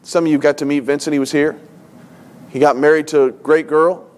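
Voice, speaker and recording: A man's voice: a little high, steady tone, brisk. A middle-aged man, a pastor, preaching a sermon with earnest, emotional storytelling and repeated phrases for emphasis. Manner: emotional storytelling, tearful at times.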